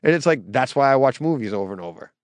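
A middle-aged man, co-hosting a podcast and telling stories in a lively, laughing way. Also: medium pitch, fast, no room sound. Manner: animated storyteller, laughs easily. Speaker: podcast co-host. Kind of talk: casual chat.

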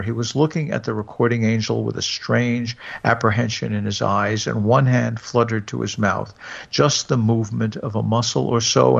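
Gravelly-voiced man narrating a story. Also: mid-range voice. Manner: measured, storytelling. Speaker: audiobook reader. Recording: dull lo-fi recording.

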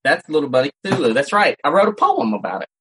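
Male co-host, slightly high voice, rambling casual storyteller. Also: expressive, quick pace, creaky, noisy background. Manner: rambling storyteller with frequent restarts. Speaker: podcast co-host. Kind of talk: casual chat. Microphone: home setup, cat nearby.

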